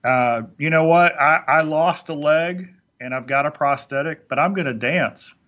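A man's voice: on the high side, normal speed, a bit bright, dull audio. A man talking earnestly on a motivational podcast, stumbling into restarts as he makes his points. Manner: earnest, preachy, with many restarts. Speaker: podcast guest speaker.

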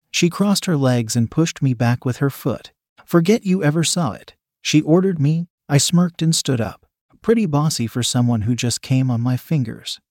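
A man narrating a first-person erotic story in a slow, measured storytelling manner. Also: medium pitch, a little mellow, no echo, studio quality.

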